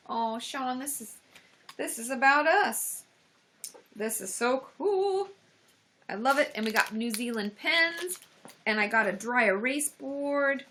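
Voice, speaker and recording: Excitable woman host, bright higher voice, casual live-stream chat, gushing. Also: a little slow. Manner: gushing, excitable, lots of gasps and exclamations. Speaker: therapist hosting a livestream.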